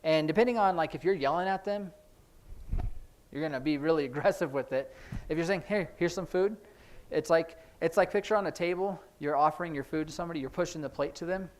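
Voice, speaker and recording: Brief: male sign language teacher, slightly high voice, explains as he demonstrates, hurried asides. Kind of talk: classroom instruction. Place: church classroom.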